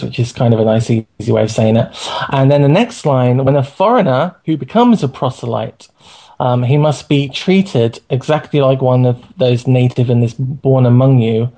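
A man's voice: mid-range voice, moderate pace, mellow. A man in a casual Bible study discussion, thinking aloud with restarts and reading verses from his computer. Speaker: co-host of a Bible study podcast.

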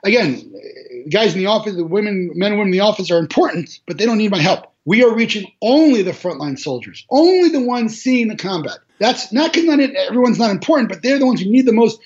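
A man, a charity organizer giving an interview, telling a war story in an animated way, with restarts and laughs. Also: high-pitched, brisk. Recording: dull lo-fi audio.

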